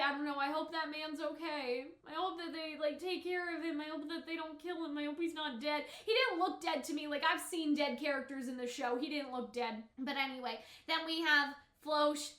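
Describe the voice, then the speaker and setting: Bright, high-voiced chatty woman. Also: reverberant. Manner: chatty, filler-heavy, emotional. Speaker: anime reaction youtuber. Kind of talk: casual reaction commentary.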